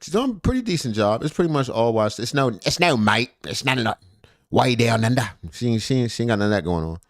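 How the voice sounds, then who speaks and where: Male reaction host, lively rambling commentary, dry close sound. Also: medium pitch, fast talker, dry recording. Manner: animated, rambling, jokey asides. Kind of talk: casual commentary reacting to a video.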